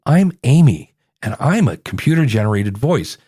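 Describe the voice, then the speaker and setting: A man imitating a cheerful female computer-generated voice with a bright, sing-song delivery. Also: medium pitch, sing-song, moderate pace, breathy edge, no echo, clean studio sound. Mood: chirpy.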